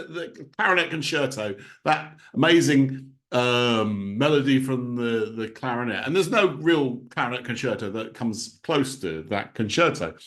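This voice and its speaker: A man, a composer, giving an informal spoken talk on music, thinking aloud and humming rhythms as da-da-da. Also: medium pitch.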